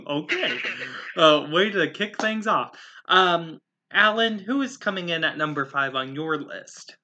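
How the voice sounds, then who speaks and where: A man's voice: a little high, expressive, takes it slowly, pushed and bright. A man hosting a casual podcast chat, laughing easily and handing the floor to each co-host. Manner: laughs easily, moves the show along.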